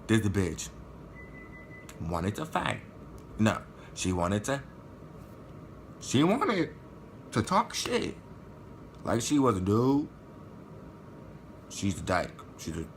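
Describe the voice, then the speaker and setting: A man telling a story in a vlog, animated and profane, acting out what people said. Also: on the low side, a little hiss or hum. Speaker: vlogger.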